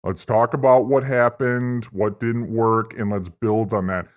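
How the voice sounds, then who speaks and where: A man's voice: medium pitch, fairly even intonation, a little slow, highs cut off. A man hosting a livestream, delivering a profane, rambling, mock-earnest political rant. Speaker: livestream host. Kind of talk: satirical political stream rant.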